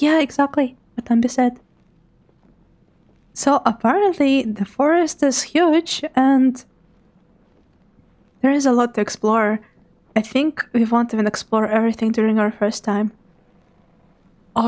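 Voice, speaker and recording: A woman's voice: high-pitched, darkish tone. A woman streamer giving live commentary on a horror game, talking to her chat and dropping to a whisper when she gets scared.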